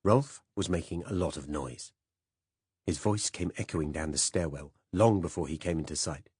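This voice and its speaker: A man narrating a first-person spy novel as an audiobook in a measured, even way. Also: deep voice, breathy edge, no room sound, studio quality.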